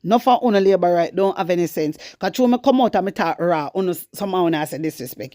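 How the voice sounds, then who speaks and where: A woman's voice: mid-range voice, lively intonation, brisk, hardly any pauses, no room sound, clean studio sound. A Jamaican woman hosting her own channel, ranting bluntly and fierily about politics, slipping into patois as she speaks to her viewers. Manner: blunt, fiery, switching into patois. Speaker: political commentary vlogger. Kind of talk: casual political rant to viewers.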